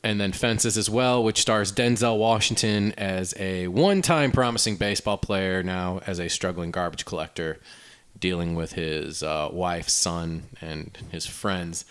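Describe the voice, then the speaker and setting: Low-voiced man chatting about movies. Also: measured pace, a bit bright, clear, resonant tone. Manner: loose, laughing, trails off with ums. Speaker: podcast co-host. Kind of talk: casual movie chat.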